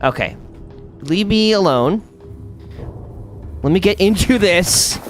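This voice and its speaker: A man streaming and chatting casually while playing a video game, rambling with lots of fillers and bursting out in sudden excitement. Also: high voice, takes it slowly, soft background music. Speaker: streamer and host.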